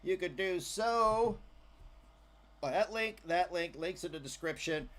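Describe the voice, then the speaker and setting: A man's voice: high-pitched, a little slow. A man hosting a casual livestream, joking and chatting loosely with his viewers. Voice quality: animated, jokey, trails off into asides. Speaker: livestream host.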